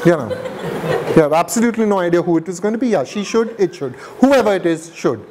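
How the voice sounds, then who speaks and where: A man's voice: sits high, animated, brisk, a little mellow, slight background noise. A man giving an informal university talk on translation, chatty and wry, with self-mocking asides. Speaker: guest speaker on translation. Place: lecture event.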